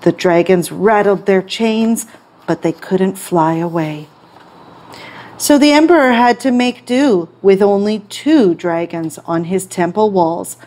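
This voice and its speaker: Slow, expressive storybook reader, woman. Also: mid-range voice. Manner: expressive, clear read-aloud. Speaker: English storytime teacher. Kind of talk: reading a picture book aloud.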